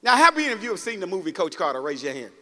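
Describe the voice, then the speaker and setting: High, bright-voiced motivational speaker man. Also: sing-song, very fast, long reverb tail, a little hiss or hum. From Mississippi, United States. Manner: preachy, storytelling, calls out to the crowd. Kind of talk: motivational speech. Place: large auditorium.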